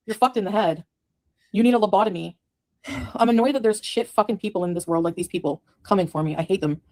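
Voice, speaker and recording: A woman's voice: mid-range voice, darkish tone. A woman in a played clip delivering an angry, profane rant to the camera, scornful and cursing at her critics.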